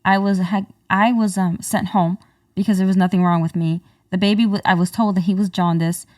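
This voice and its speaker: A woman co-hosting a podcast, recounting events in an animated, conversational way with frequent restarts. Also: medium pitch, brisk, no echo. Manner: animated retelling, many fillers and restarts. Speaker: podcast co-host. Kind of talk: casual storytelling conversation. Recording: dry, slightly distant mic.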